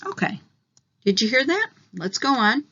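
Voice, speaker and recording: Woman teacher explaining slowly. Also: on the high side, big pitch swings, sharp tone, breathy edge, lo-fi sound. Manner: explaining step by step, slowing on key terms. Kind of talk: recorded online lesson.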